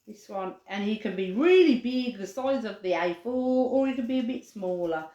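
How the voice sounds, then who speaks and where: A fairly high-voiced woman walks children through a paper craft in a chatty, animated way. Her voice swings widely in pitch. The room around her is echoey. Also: moderate pace, dull audio. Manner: chatty, animated, says dog barks playfully. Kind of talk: live craft demonstration for children.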